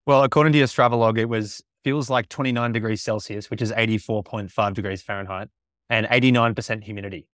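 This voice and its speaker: A man hosting a podcast, asking quick questions in a joking, casual way. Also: on the low side, steady tone, a bit bright, no echo, studio quality. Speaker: podcast host. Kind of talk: casual chat.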